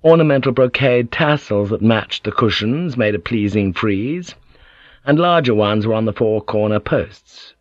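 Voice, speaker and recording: Low-voiced male audiobook narrator. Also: measured pace, no room sound, lo-fi sound. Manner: steady, descriptive reading. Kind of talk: scripted narration.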